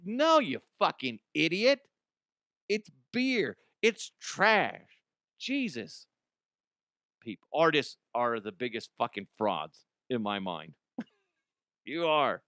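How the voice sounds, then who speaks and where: A man's voice: mid-range voice, very animated, slow, long pauses, a bit bright, no echo, studio quality. A man hosting a comedy show, riffing sarcastically on odd news stories, swearing freely and jumping into mocking voices. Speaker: comedy podcast host.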